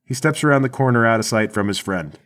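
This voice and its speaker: A man's voice: on the low side, a bit bright. Man narrating a tabletop game. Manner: brisk, plays many characters in quick turns. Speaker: game master.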